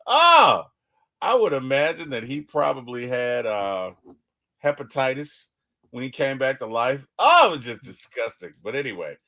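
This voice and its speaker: A man's voice: mid-range voice, very animated, moderate pace, a bit bright. A man co-hosting a TV reaction show, talking in a casual, emphatic way and often repeating words as he restarts.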